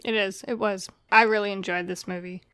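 A woman's voice: mid-range voice, steady tone, fairly quick, a bit bright, clean tone, dry recording, studio quality. A woman in a casual chat about a film, talking with fillers and trailing sentences. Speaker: podcast co-host discussing a film.

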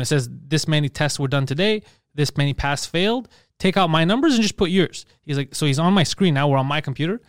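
A man in his thirties co-hosting a podcast, telling stories in casual chat with animated, sometimes yelled, acted-out quotes. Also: on the high side, clean tone, dry recording, studio quality. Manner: fast, animated storytelling, yells when acting out quotes. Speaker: podcast co-host.

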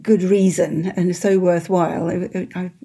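A woman in her seventies from England, an interview guest, speaking in a soft-spoken, measured and modest way. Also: fairly low pitch, flat delivery, creaky, breathy edge. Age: 70s. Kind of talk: conversational interview.

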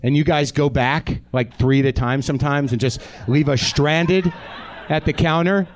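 His voice a little high and his pace normal, a man in his forties runs a comedy podcast live in a theatre, bantering with the audience stand-up style in a sardonic, profane way.

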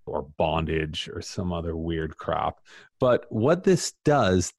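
A man being interviewed as an author, talking casually in an animated, emphatic, self-deprecating way. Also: deep voice, gravelly, husky, no echo, clean studio sound. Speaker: author guest.

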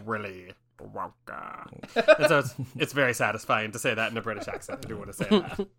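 A man hosting a casual film podcast, his voice bright and forward. He rambles through facts with plenty of fillers and breaks into laughter often. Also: medium pitch, sing-song, very fast. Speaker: podcast host. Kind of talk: casual film-discussion chat.

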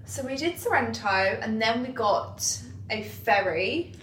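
Bright-voiced young woman, echoey. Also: on the high side, lively intonation, measured pace, a little hiss or hum. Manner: emphatic, advice-giving, full of "like". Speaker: podcast co-host. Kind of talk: casual chat. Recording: echoey room, faint ambience.

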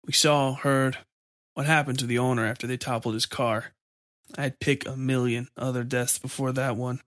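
A man voicing a resigned, fatalistic man who talks slowly and drops Spanish curses. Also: medium pitch, level tone, fairly bright tone, no room sound, clean studio sound, natural voice. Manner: slow, resigned, occasionally cursing in Spanish.

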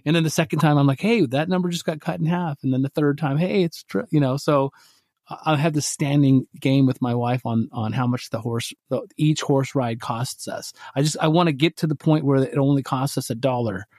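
A man co-hosting a podcast, telling a story in casual chat and acting out his own quotes with lively energy. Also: mid-range voice, brisk, no echo, clean studio sound. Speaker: podcast co-host.

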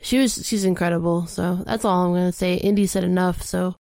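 A woman's voice: fairly low pitch, fairly even intonation, a little fast, vocal fry, a little mellow, dry recording. Female podcast co-host, teasing and blunt, dry recording. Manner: playful, laughs easily, blunt. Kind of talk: casual game chat.

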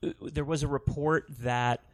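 A man's voice: a little high, fairly even intonation, moderate pace. A man hosting a sports talk show in an easygoing way, steering the talk with questions. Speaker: host.

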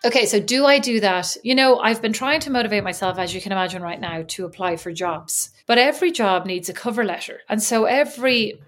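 A woman's voice: mid-range voice, a little fast, few pauses, fairly bright tone, soft background music. A woman co-hosting a podcast, rambling through anecdotes in casual chat. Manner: rambling, storytelling. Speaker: podcast co-host.

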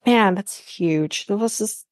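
A woman hosts a casual podcast chat, recapping with blunt exasperation and plenty of swearing. Her voice sits at a middling pitch, and the recording is dry and close with no room sound. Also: slow pace, no room sound. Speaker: podcast host.

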